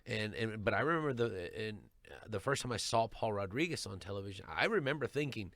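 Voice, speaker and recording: A middle-aged man, a stand-up comedian, telling stories in an animated way and often repeating words as he restarts. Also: lowish voice, quick pace, no echo. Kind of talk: storytelling chat.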